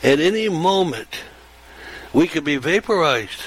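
An older man voicing a quiet teenage boy who suddenly panics and shouts in alarm. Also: fairly high pitch, sing-song, measured pace, slightly rough, voice pushed up, heavily acted, low-quality recording. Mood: panicked.

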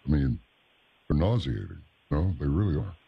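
A man's voice: rumbling low, lively intonation, moderate pace, gravelly, husky, highs cut off. A man hosting an interview, speaking in a blunt, emphatic way. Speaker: host. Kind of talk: casual interview talk.

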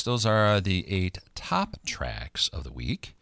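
A middle-aged American man hosts a chart countdown radio show in a lively DJ patter that swoops up and down across a very wide range. His fairly low voice has a bright, forceful edge, and it is recorded close and dry with no room sound. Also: slow pace, no room sound. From United States. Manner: animated, playful DJ patter with big pitch swings.

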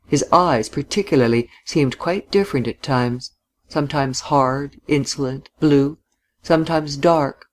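A narrator reading a novel aloud in a measured, even way. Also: mid-range voice.

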